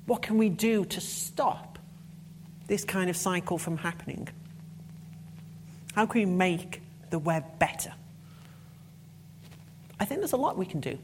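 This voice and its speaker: A woman's voice: fairly low pitch, lively intonation, measured pace, pauses often, darkish tone, a little hiss or hum. A woman giving a conference talk, passionate and emphatic, with blunt swearing when annoyed. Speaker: conference speaker.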